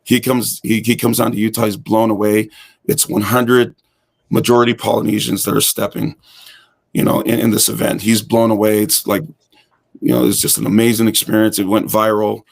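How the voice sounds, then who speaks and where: A man's voice: fairly low pitch, moderate pace, creaky. A man guest on an interview show, telling his story casually and acting out the dialogue he quotes. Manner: animated storyteller who acts out quoted dialogue. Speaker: guest, hip hop fitness instructor.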